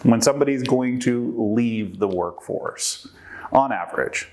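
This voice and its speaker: A man's voice: mid-range voice, unhurried, a little mellow, slight background noise. A man presenting a workshop to a live group, quizzing the audience and working through numbers aloud.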